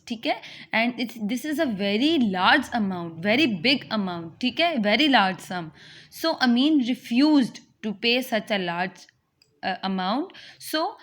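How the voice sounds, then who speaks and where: A woman's voice: fairly high pitch, fairly bright tone. A woman teaching a reading lesson, spelling words out letter by letter and explaining their meanings. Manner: mixes in Urdu tag questions. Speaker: English teacher.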